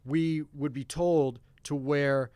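A man's voice: a little high, fairly even intonation, slow pace, darkish tone, clear, resonant tone, no echo. A man hosting a podcast in a casual studio chat, rambling and self-deprecating with restarts. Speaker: podcast host.

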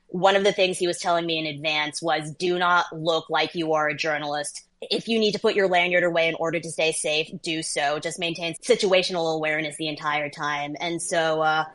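A woman in her thirties, a journalist guest, telling stories in a lively, casual interview chat. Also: sits low, fairly quick, hardly any pauses. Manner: lively storyteller, laughs between phrases.

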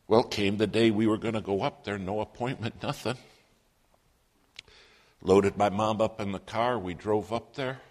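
Low-voiced man telling a story in a reverberant hall. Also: steady tone, moderate pace, darkish tone. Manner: plain storytelling, quoting others in his own voice. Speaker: preacher telling a personal story. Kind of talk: sermon storytelling.

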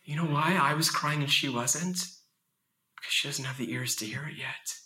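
A man in his thirties giving an impassioned, emphatic talk at a faith conference, telling stories with lively vocal shifts. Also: a little high, unhurried. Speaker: conference speaker.

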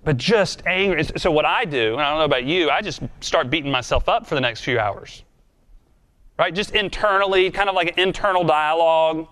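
A man's voice: fairly high pitch, fairly quick, a bit bright. A man preaching a sermon in a conversational, earnest and self-deprecating way, then leading a prayer. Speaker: pastor.

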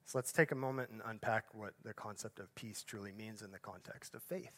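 A male pastor delivers a sermon in a lowish voice at a fairly quick pace, each phrase swelling and then falling away to a soft, hushed finish. He adds conversational asides and corrects himself along the way.

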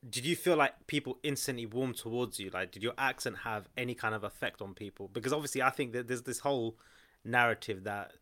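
A man's voice: mid-range voice, brisk, a bit bright. Laughing man, casual chat. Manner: laughs easily, slangy. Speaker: podcast co-host.

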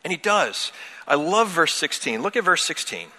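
A man's voice: on the high side, normal speed. Preaching man in a reverberant church. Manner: earnest, animated preaching with personal stories. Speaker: pastor. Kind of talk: sermon. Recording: long hall reverb.

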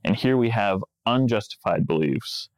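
A man's voice: fairly low pitch, lively intonation, moderate pace, no room sound. A man co-hosting a podcast in casual chat, wry and joking, laughing often. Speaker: podcast co-host.

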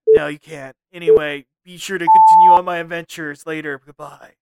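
A man's voice: fairly high pitch, flat delivery, fairly quick, narrow, tinny audio, noisy background, natural voice. A man doing Watto, a brooding alien dealer. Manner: odd British-sounding put-on accent. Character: troubled reboot alien junk dealer, male, brooding. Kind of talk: comedy podcast bit.

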